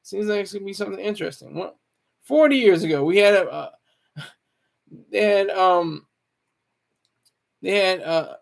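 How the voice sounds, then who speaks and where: A man's voice: high-pitched, normal speed, creaky, long pauses. A man, a military veteran, talking in a loose, rambling monologue, often stopping to correct himself. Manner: rambling, self-correcting, opinionated. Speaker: Marine Corps veteran. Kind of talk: casual monologue.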